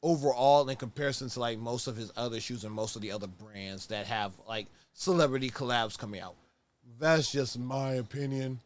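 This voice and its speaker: A man's voice: medium pitch, fairly quick. A man hosting a casual sneaker review show, talking in a laid-back, rambling way, often correcting himself and sounding tired. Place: at home on camera, moving around.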